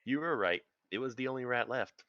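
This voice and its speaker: Bright-voiced male game master. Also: mid-range voice, animated, brisk, no room sound, muffled recording. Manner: playful, laughs often. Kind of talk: narrating a tabletop game.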